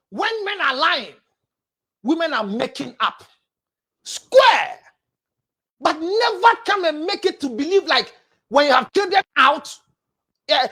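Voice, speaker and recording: A Ghanaian woman with a very high voice gives blunt relationship advice as a counselor. Her pitch leaps and falls all the time. She scolds her listeners and keeps breaking into shouts.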